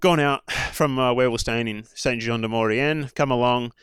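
A man's voice: medium pitch, fairly even intonation, moderate pace, fairly bright tone, smooth, dry recording, studio quality. An Australian man, a former pro cyclist, telling stories in a rambling, casual way full of fillers and asides. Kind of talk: casual storytelling chat.

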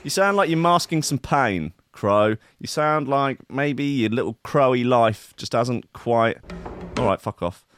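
A man's voice: mid-range voice, expressive, a little slow, fairly bright tone, a little hiss or hum. A man hosting a comic show, riffing on odd news stories in a rambling, sardonic, sweary way. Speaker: host. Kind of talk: comic commentary on news clips.

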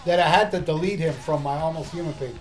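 Profane, high-voiced podcast co-host man. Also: fast, soft background music. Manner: animated, profane storyteller reading listener comments. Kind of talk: casual chat.

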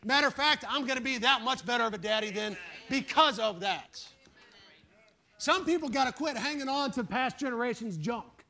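High-voiced, forceful male preacher. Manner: fervent, emphatic preaching with calls for "Amen"; folksy, plain-spoken storytelling. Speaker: pastor. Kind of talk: sermon.

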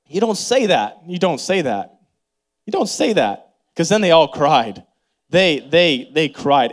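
A man in his thirties preaching a sermon as pastor, leading prayer and telling stories in an animated, expressive way. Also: moderate pace. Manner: animated storytelling with big pitch swings and laughter; leads congregation in prayer and call-and-response.

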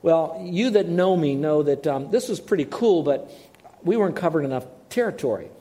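A man preaching with a fairly high but mellow voice, his warmth carrying easy storytelling. He talks to the congregation casually and often turns to ask them questions. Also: lively intonation, a little fast. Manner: conversational storytelling, asks the audience questions. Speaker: pastor. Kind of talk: sermon with personal stories.

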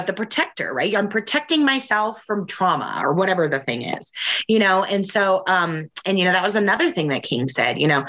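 A woman talking candidly in a casual chat, telling her own stories with lively, acted-out quotes. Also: medium pitch, dull audio. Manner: animated storyteller, acts out quotes in raised voice. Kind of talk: candid personal chat about sobriety.

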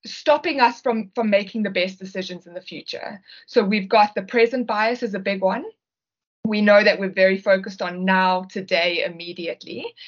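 A South African woman, a consultant speaking as a podcast guest, explaining her ideas in a measured way with occasional restarts. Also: mid-range voice. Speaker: guest, behavioural linguistics consultant. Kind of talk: podcast interview. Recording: slightly muffled podcast audio.

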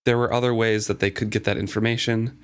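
A man co-hosting a casual book discussion, relaxed and agreeable, who sometimes reads passages aloud. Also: on the low side, fast talker, clean tone. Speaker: book podcast co-host.

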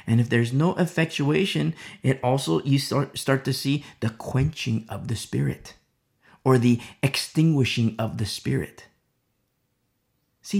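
A male preacher gives an emphatic sermon and keeps pressing his points home. His voice has a gravelly rasp and rises and falls widely. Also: mid-range voice, expressive, unhurried. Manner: emphatic, keeps asking "you see?".

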